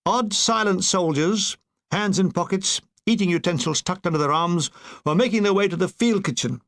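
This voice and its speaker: A man's voice: sits high, moderate pace, a bit bright. An older man reading his own war memoir aloud, with dry comic timing. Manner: dry comic delivery with brief put-on voices. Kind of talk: audiobook narration.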